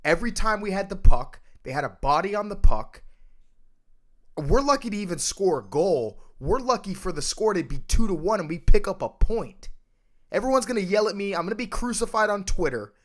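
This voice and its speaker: A man hosting a casual sports podcast, ranting emphatically and swinging between loud outbursts and low mutters. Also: very animated, fairly quick. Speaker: podcast host.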